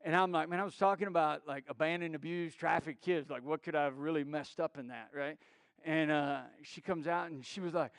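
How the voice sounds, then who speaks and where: Middle-aged pastor guy, pretty high voice, tells stories and acts out the quotes, dry mic. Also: fairly quick, clean tone, no room sound. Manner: storytelling with many restarts and acted quotes. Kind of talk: sermon.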